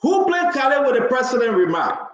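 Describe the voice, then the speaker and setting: A man's voice: very high-pitched, big pitch swings, brisk, highs cut off. A man hosting a live political talk show, emphatic and pleading, repeating himself for effect. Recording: roomy echo.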